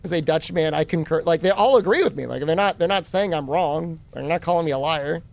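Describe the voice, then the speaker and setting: A man's voice: on the high side, lively intonation, a little fast, creaky. A man streaming a game, rambling and joking with his chat in a casual way. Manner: rambling, joking, talks to chat while playing.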